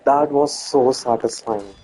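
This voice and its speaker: A man gives a relaxed let's-play commentary, speaking straight to his viewers as he plays. His voice is mellow and slightly husky, and he often trips over and restarts his sentences. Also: mid-range voice, unhurried, soft background music, rough recording. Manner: chatty, self-correcting, talks to viewers. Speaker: gameplay commentator.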